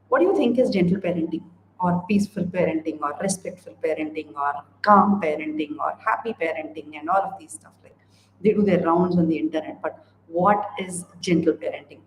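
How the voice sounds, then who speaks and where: Woman parenting coach talking right at you, earnest, lots of repeated lists, bit of room echo. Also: fairly low pitch. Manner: earnest, speaks straight to parents, stacks repeated phrases in lists. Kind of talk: direct-to-camera advice talk. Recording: roomy echo with faint background noise.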